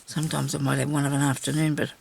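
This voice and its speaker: An older woman hosts a craft channel from her craft table at home, speaking in a low voice with little pitch movement, racing along with vocal fry. She chats casually, rambling and talking to herself as she works, and the recording carries a slight hiss or hum.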